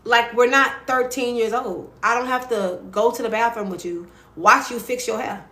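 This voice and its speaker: Woman, Louisiana accent, sassy and blunt, swears freely, fairly high voice, echoey room. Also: steady tone, normal speed, few pauses, bright, forceful tone. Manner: blunt, sassy, profane, repeats "right?". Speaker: livestream host giving advice. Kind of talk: casual livestream advice talk.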